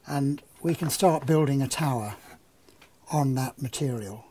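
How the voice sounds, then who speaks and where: A man's voice: mid-range voice, measured pace, slight background noise. An older man, an engineer, telling an anecdote and then explaining a problem with a live model demonstration. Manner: anecdotal, relaxed storytelling.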